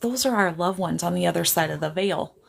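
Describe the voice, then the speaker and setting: A woman's voice: fairly low pitch, fairly quick, gravelly. A woman psychic medium chatting casually on a livestream. She laughs often, keeps apologizing and gets easily sidetracked, speaking to a camera on a tripod.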